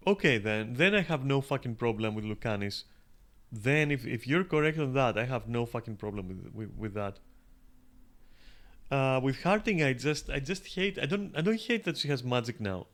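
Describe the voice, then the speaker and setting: A man's voice: medium pitch, animated, normal speed, fairly bright tone. A man streaming a game, thinking aloud in loose, rambling talk full of fillers and casual swearing. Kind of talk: casual gameplay commentary.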